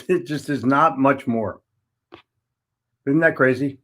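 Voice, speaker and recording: A man's voice: mid-range voice, slow pace, a bit bright. A man in his seventies from Philadelphia, a sales trainer giving a folksy, blunt motivational talk and hammering points home by repeating words. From Philadelphia, United States. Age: 70s.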